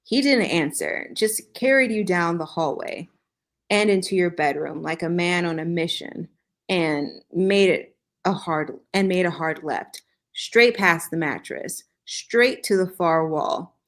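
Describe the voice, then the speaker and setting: A woman with a low voice reads a story aloud at a slow, deliberate pace. Her delivery stays dry and steady, and she drops in the odd joking aside. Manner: dry reading broken by joking asides and laughs. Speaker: podcast host reading fan fiction aloud. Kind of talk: comedic dramatic reading with asides.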